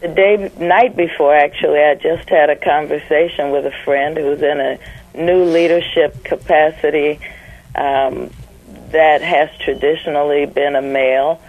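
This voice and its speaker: A woman calling in to a radio show, speaking in an earnest, deliberate way. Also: sits low, steady tone. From Northern California. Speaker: caller. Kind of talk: phone call to radio show. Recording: tinny phone line.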